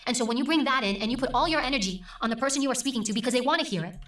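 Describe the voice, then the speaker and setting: A middle-aged woman speaks in a quick, emphatic way, pausing on purpose between points. Her voice sits fairly high. The sound is roomy and a little distant from the mic. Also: expressive, a bit bright. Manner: deliberate, emphatic, with pauses. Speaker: news presenter and interview guest. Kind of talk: conversational interview.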